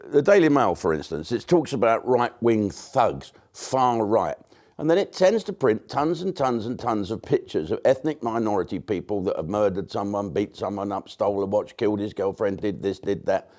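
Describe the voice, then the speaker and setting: A British comedian talking in a rambling, blunt monologue to camera, with sarcastic asides and swearing. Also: male voice, lowish voice, darkish tone. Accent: British English. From Britain.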